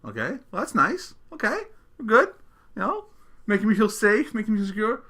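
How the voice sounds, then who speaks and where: Middle-aged guy doing a comedy rant on his podcast, highish voice, mocking tone, keeps cracking up laughing. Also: huge pitch swings, a little fast, sharp tone. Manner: laughs often between sentences; sarcastic, mocking tone. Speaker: podcast host.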